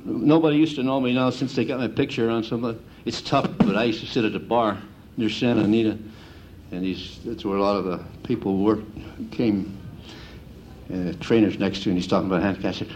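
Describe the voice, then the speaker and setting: A middle-aged man giving a folksy lecture on handicapping to an audience, an animated storyteller who mimics the gamblers he talks about. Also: on the low side, fast talker, slight background noise. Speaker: handicapping instructor.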